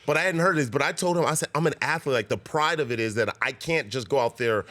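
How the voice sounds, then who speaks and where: A man's voice: medium pitch, quick pace, fairly bright tone. A man on a talk show, animatedly telling a funny story and acting out what people said. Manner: laughing, acts out quotes. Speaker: guest, TV co-host.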